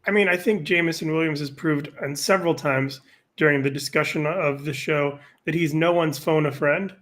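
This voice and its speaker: Male podcast guest, a touch higher pitched, loose rambling storyteller, casual chat. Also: fairly even intonation, normal speed, a bit bright. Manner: rambling anecdotal storyteller, frequent profanity.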